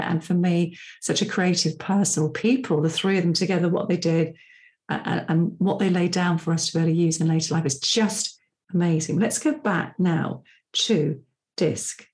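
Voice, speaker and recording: Chatty woman, lowish voice. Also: moderate pace, a little mellow. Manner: chatty and personal, with asides. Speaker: podcast host and personality profiling coach. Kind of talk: casual solo podcast talk.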